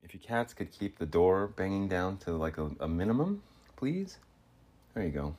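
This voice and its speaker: A man's voice: low-pitched, big pitch swings, normal speed, a little mellow, a little hiss or hum. A man hosting a solo podcast, talking in a meandering way with chuckling, self-mocking asides. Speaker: podcast host. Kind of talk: rambling solo podcast monologue.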